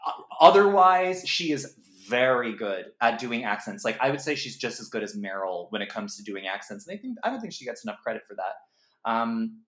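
A man co-hosting a podcast, talking through a film in a rambling, animated way with many fillers. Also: mid-range voice, normal speed. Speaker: podcast co-host. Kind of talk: casual film review chat. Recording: echoey room.

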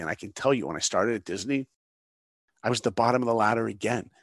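A man's voice: lowish voice, quick pace, no room sound, clean studio sound. A middle-aged man from New York, a guest in an interview, telling a story and acting out the voices in it. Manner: animated storyteller, acts out dialogue.

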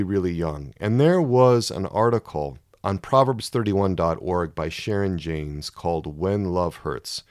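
A man giving a sermon-style Bible teaching, emphatic and measured, reading scripture and explaining it. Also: on the low side, darkish tone, no echo, clean studio sound. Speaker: Christian teacher.

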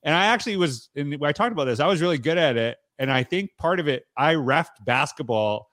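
A man's voice: a little high, lively intonation, brisk, a bit bright, no echo, clean studio sound. A man hosting a podcast interview, talking in long, rambling sentences full of hedges and restarts. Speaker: podcast host. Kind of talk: conversational interview.

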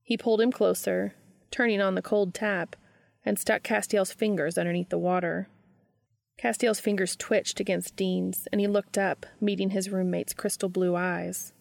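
A woman reading a story aloud in a calm, even storytelling manner, close to the mic. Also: medium pitch, normal speed, gravelly, no echo. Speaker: reader. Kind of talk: reading fan fiction aloud.

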